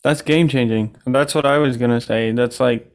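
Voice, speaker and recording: Gravelly easygoing podcast guy. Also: mid-range voice, steady tone, normal speed. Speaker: podcast co-host. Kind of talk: casual chat.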